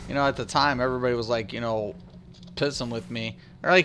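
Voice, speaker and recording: A man streaming a game, chatting casually and excitedly with his viewers, with lots of restarts and fillers. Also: mid-range voice, fast talker, slight background noise. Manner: rambling, excitable, talks back to chat. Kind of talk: casual live-stream chat.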